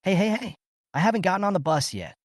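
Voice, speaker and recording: A man's voice: medium pitch, sing-song, brisk, no echo, studio quality, natural voice. A male narrator voicing a cheeky young man who teases in a playful tone, in a story recap. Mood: teasing. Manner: playful, teasing.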